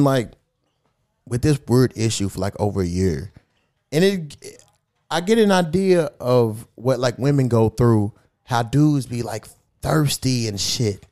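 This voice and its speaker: A man hosting a casual podcast, telling a profane story, reading old text messages aloud and mocking the sender. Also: mid-range voice. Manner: animated, mocking. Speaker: podcast host.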